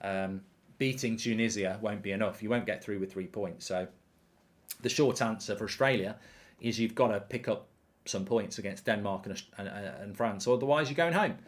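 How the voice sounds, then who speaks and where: A man's voice: lowish voice, normal speed. A man hosting a live football watchalong, chatty and rambling with lots of ums. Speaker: host.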